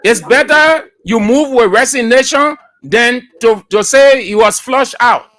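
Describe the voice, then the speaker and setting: Bright-voiced Liberian radio host. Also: male voice, extremely high pitch, a little slow. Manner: lively, laughing, argues back firmly. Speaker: radio talk show host. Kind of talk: call-in radio chat.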